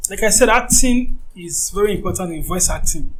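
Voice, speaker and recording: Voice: medium pitch, animated, fairly quick, slight background noise, rough recording. A voice acting teacher giving an informal lecture, talking conversationally and often checking that the listener understands.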